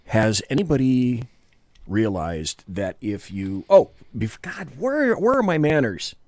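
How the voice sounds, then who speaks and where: Rambling talk-show host, lively pitch. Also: male voice, slow pace, no echo, studio quality. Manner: rambling, self-correcting, jokey. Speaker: podcast co-host. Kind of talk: casual political talk show banter. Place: small studio.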